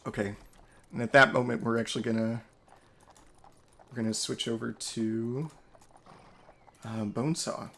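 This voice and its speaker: A man runs a tabletop game in a loose, chatty way, full of likes and ums. His voice sits mid-range with a gravelly texture. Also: mid-range voice, little pitch movement, a little slow, long pauses, a bit bright, a little hiss or hum. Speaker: game master.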